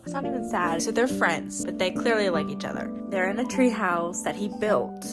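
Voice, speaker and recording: A young woman chatting excitedly in a casual book vlog, gushing over what she reads, with gasps and laughs. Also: medium pitch, normal speed, few pauses, over music. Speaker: book vlogger. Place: home at night.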